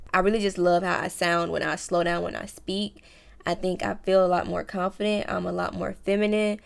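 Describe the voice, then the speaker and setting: Chatty woman with a gravelly edge. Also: fairly low pitch, fairly even intonation, normal speed. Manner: chatty, slang-filled, addresses viewers as y'all and baby. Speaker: lifestyle vlogger. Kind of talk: casual advice vlog.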